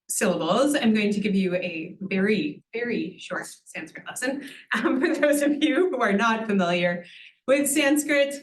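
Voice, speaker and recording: A Sanskrit teacher with a fairly bright, higher voice gives an introductory lesson to an audience at a university event. She explains patiently, often asks "right?", and adds a light humorous touch. The sound is roomy.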